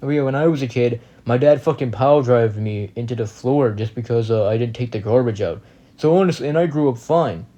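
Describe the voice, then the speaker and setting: A man's voice: medium pitch, fairly quick, dark tone, lo-fi sound. A young man giving casual reaction commentary, blunt and indignant, swearing heavily as he rants.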